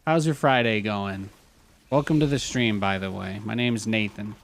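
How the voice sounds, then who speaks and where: A man in his thirties gives loose, chatty commentary while he plays a strategy game live. His voice sits low and has a gravelly edge to it. He repeats himself often and now and then gets heated. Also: normal speed. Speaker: streamer playing a strategy game.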